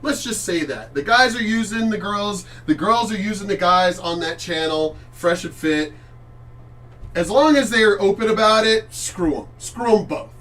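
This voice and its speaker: A man's voice: sits high, animated, normal speed, a bit bright, distant mic. A middle-aged man hosting a reaction channel, talking bluntly and profanely in rambling casual commentary. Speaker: channel host reacting to clips.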